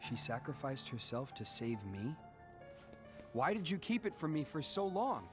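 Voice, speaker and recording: A man's voice: mid-range voice, sing-song, moderate pace, close to an everyday voice. An actor playing a brooding, earnest young male hero in a video game, speaking emotionally and with reproach, over game music. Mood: reproachful.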